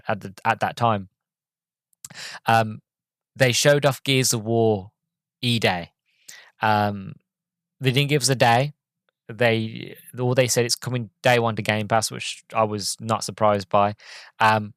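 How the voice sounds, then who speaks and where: A man's voice: fairly low pitch, fairly bright tone, no room sound. A man hosting a podcast alone, talking casually and earnestly, with many ums and restarts and a voice that gets emotional. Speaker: podcast host. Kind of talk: casual solo podcast talk.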